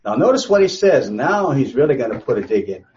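A man's voice: medium pitch, big pitch swings, brisk, a little mellow, highs cut off. A man teaching a conversational Bible study. He speaks emphatically, asks rhetorical questions and repeats phrases for stress.

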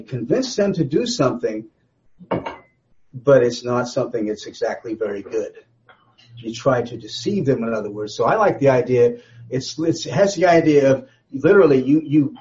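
A man teaches a Bible study in a conversational, rambling way, frequently restarting his sentences. His mid-range voice has a darkish tone, and the recording is slightly dull and lo-fi.

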